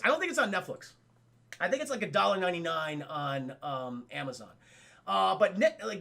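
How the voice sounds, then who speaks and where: A man's voice: high-pitched, vocal fry, pushed and bright. A young man streaming a casual, swear-filled film recap to his chat, acting out quotes in different voices and laughing often. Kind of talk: excited casual movie recap.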